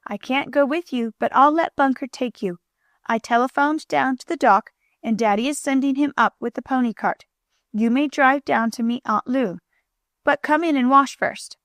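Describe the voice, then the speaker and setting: A woman voicing a busy mother who gives brisk instructions in a storybook. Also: high-pitched, a bit bright, no room sound, clean studio sound. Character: busy mother calling her children.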